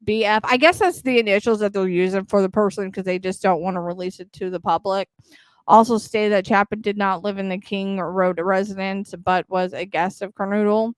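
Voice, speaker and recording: A woman hosting a true crime podcast, reading court documents aloud at a steady pace, stumbling on names and breaking off for quick casual asides. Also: medium pitch, clear, resonant tone, no echo.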